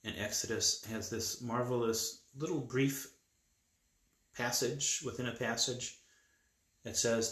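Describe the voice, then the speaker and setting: A man telling a Bible story to children in a lively, conversational way. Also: medium pitch, slow, pauses often. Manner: lively, conversational, with acted voices. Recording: echoey room.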